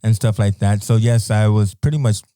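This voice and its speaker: A man's voice: on the low side, steady tone, normal speed, mellow, clear, resonant tone, no echo, studio quality. A middle-aged American man from New York, telling laid-back stories with frequent laughter as a podcast guest. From United States. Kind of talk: casual chat.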